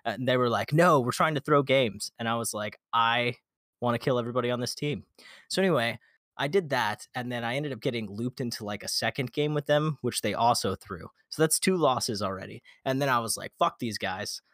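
Animated, swearing male storyteller. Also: mid-range voice, fairly quick, dry recording, studio quality. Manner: animated, swears a lot, acts out quotes. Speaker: podcast guest. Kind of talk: casual storytelling.

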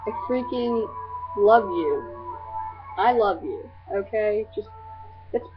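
With music playing behind her, a teenage girl vlogs casually for her friends, gushing and rambling through lots of fillers in a scattered way. Her medium-pitched voice is animated but slow, and the webcam audio sounds tinny and lo-fi.

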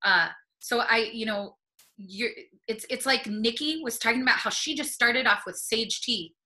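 A woman's voice: a little high, moderate pace, bright, forceful tone, rough recording. A woman speaking earnestly and encouragingly on a video call webinar, getting emotional as she talks. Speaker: panelist on plant medicine. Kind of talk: webinar talk.

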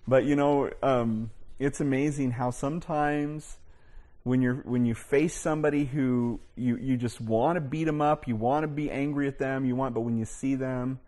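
A man's voice: medium pitch, darkish tone. A male pastor preaching a sermon, telling stories in a conversational way with many restarts and asides. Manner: conversational storytelling with frequent "you know" and restarts.

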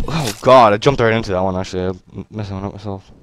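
A young man doing gameplay commentary on a headset mic at home, excitable and yelping at the game. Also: fairly low pitch, quick pace, slight background noise. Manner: excitable, yelps and shouts at the game. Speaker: gaming YouTuber.

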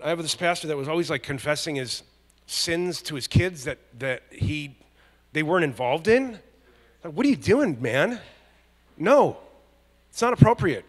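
A male pastor preaching a conversational, joking sermon that builds to loud emphatic peaks. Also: on the high side, creaky. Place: large church hall. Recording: long church hall reverb.

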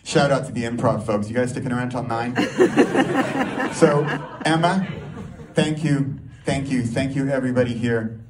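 A man's voice: mid-range voice, very animated, measured pace, long pauses. A man performing a rambling, self-mocking live stand-up set, laughing at his own jokes in front of an audience. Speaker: stand-up comedy student performing a first set. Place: small comedy venue with a live audience. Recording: distant mic with audience noise.

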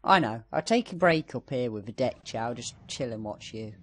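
A man's voice: medium pitch, lively intonation, moderate pace, fairly bright tone. A man hosting a co-op gaming video, joking through casual, playful banter while he plays. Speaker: host.

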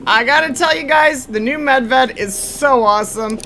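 A woman narrates her hunting game session with a bright, keen voice that sits a little high. She explains things steadily but gets excitable and squeals when the action turns tense. Soft game music plays faintly under her. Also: normal speed, hardly any pauses. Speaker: gaming YouTuber. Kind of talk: game commentary.

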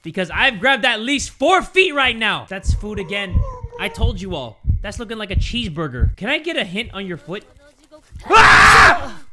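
Excitable young man yelling through a game. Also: high voice, normal speed, background noise. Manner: excitable, frequent shouts and yelps. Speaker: gaming YouTuber. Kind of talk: let's play commentary.

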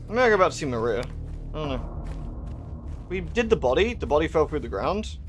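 A man's voice: fairly high pitch, very animated, brisk, long pauses. Puzzled man musing over game music. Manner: musing aloud, puzzled, thinking out loud. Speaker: game streamer. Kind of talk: casual live gameplay commentary.

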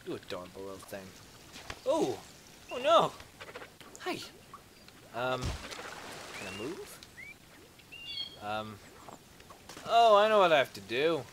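A man giving casual let's play commentary, playfully talking to game creatures and breaking into excitable exclamations. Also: medium pitch, takes it slowly, pauses often, slight background noise.

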